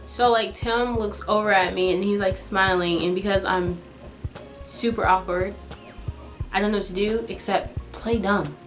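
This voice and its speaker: A woman's voice: medium pitch, steady tone, moderate pace, a bit bright, soft background music. A young woman telling a casual storytime to her viewers, chatty and dramatic, with lots of "like" in her speech. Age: young adult. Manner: chatty, dramatic, heavy use of "like".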